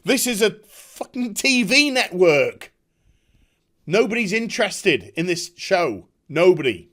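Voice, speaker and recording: A man's voice: high-pitched, sing-song, slow pace, fairly bright tone. A man ranting in a vlog, heated, scornful and profane. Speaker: online commentator. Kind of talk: angry rant vlog.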